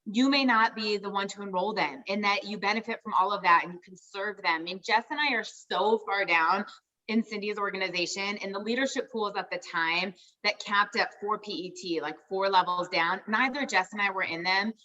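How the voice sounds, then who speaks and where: A woman's voice: medium pitch, moderate pace, bright, forceful tone. A woman hosting a team call over a video link, gushing and upbeat as she introduces a guest, often saying "you guys.". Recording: dull lo-fi audio, slightly distant from mic.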